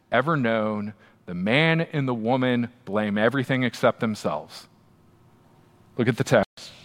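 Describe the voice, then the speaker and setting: A man, a pastor, preaching a sermon in a conversational, emphatic way, often turning to the listeners with quick asides. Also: mid-range voice, fairly bright tone. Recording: long hall reverb.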